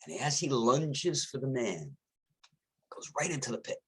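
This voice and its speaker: Husky, lively-voiced rabbi telling a parable. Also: male voice, medium pitch, unhurried. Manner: expressive storyteller. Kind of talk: short sermon.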